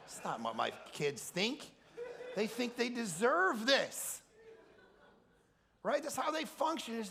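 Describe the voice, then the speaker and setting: A middle-aged man, a pastor, giving an energetic, joking sermon and acting out funny quotes in a higher voice. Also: unhurried, gravelly, long pauses. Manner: animated, jokey storyteller acting out quotes in a high voice. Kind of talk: energetic comic preaching. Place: large hall at a camp.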